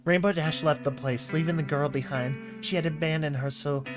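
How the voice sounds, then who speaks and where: A man's voice: fairly high pitch, steady tone, normal speed, music in the background. A man casually reading a horror comic aloud, breaking off with chatty, exclaiming and mocking asides. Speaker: narrator and reactor.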